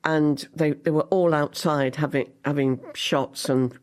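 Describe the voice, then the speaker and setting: An older woman, a guest actress on a podcast, telling animated stories with frequent laughter. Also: low voice, a little slow. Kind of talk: podcast interview.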